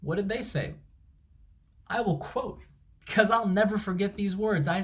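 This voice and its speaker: A man's voice: high-pitched, a little slow, pauses often, fairly bright tone. A man, a travel vlogger, telling an angry, sarcastic, emphatic story at home. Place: at home, indoors. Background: dryer and washing machine running.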